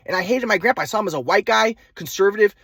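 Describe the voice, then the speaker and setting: Fast, rambling, high-voiced man. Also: animated, fairly bright tone, husky, no echo. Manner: rambling, many restarts and repeated words. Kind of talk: personal storytelling vlog.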